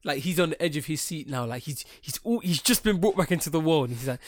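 A man co-hosting a podcast, telling a long story in casual chat, animated and rambling, swearing freely. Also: on the high side, fast. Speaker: podcast co-host.

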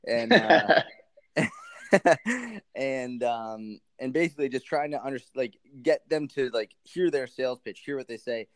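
A man speaking as a podcast guest on nutrition, animated and rambling with many restarts. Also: medium pitch, normal speed, few pauses. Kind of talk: casual interview chat.

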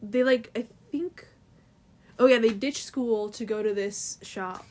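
A woman's voice: a little high, measured pace, a little mellow. Chatty young woman recapping a comic. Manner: chatty, rambling, filler-heavy. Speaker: co-host. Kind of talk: casual chat retelling a comic's plot.

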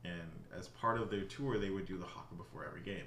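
A man co-hosting a casual podcast talks in a blunt, relaxed way and swears easily. His voice sits a little low. There is a roomy echo with faint ambient noise behind him. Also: fast. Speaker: podcast co-host, former rugby coach.

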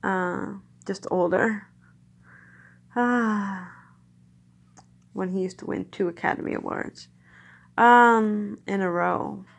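A woman's voice: medium pitch, slow pace, creaky, pauses often. A woman chatting casually about films in a rambling, nostalgic way. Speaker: vlogger reviewing films. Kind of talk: casual chat.

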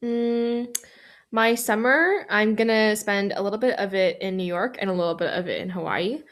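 A woman's voice: medium pitch, normal speed. A young woman co-hosting a podcast over a video call, playful and rambling, laughing often. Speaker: podcast co-host. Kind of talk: casual chat.

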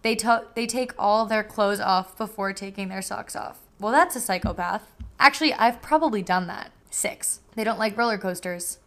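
A young woman hosting a casual solo podcast, handing out quick, wry, deadpan verdicts. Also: mid-range voice. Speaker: podcast host. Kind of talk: casual solo podcast, rating listener submissions.

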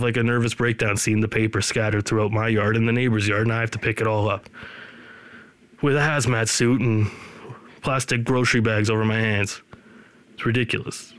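A man's voice: mid-range voice, fairly bright tone, dry recording. A man in his thirties or older hosting a podcast, rambling casually with sarcastic, joking asides. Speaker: podcast host. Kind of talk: casual chat.

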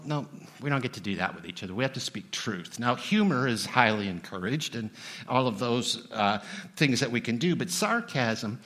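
Here a middle-aged pastor gives a sermon, chatting casually and cracking jokes for the congregation. He has a mid-range, fairly bright voice.

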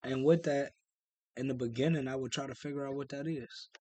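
A man's voice: medium pitch, brisk, no echo. Blunt, profane podcast co-host man. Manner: blunt, profane, animated storytelling. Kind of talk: casual chat.

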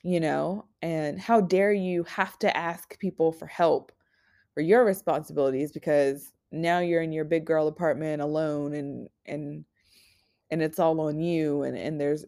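Low-voiced young woman, raw and candid. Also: steady tone, vocal fry, dark tone. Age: 20s. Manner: raw, candid, swears freely; halting with frequent restarts. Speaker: podcast host. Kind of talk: personal monologue.

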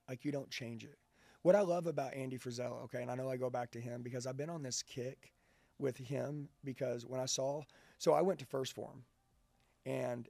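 Male sales trainer, gravelly and husky, blunt and profane, fired-up delivery. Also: mid-range voice, darkish tone, dry recording. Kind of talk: intense motivational interview talk.

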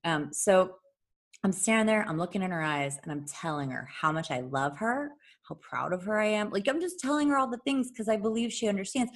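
A woman telling a long story in casual chat, animated, swearing freely and laughing often. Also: mid-range voice, a little fast.

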